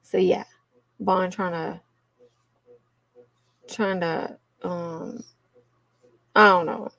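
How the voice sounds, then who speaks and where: This livestream host, a woman with a Cajun accent, speaks extremely slowly in a lowish, gravelly, fairly bright voice with a steady tone. She laughs a lot while casually chatting with viewers, whom she calls y'all, and the recording has no room sound.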